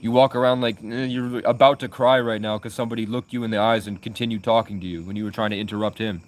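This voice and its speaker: A young man telling his own stories in a loose, rambling flow, with frequent restarts and plenty of swearing. His voice sits on the lower side and has an unguarded, conversational feel. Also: steady tone, quick pace, a little hiss or hum. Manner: rambling, profane, with many restarts. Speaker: vlogger. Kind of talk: casual personal storytelling.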